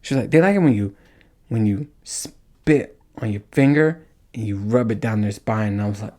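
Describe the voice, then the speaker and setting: A man's voice: lowish voice, moderate pace, warm tone. A young man hosting a podcast in a casual monologue, crude and joking, laughing often. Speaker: podcast host.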